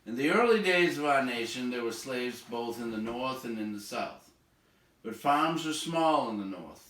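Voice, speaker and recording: A man's voice: mid-range voice, fairly bright tone, recorded from a distance. A man with a Boston accent, a teacher, reading a textbook chapter aloud and dropping in wry, sardonic asides. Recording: echoey room, voice off-mic.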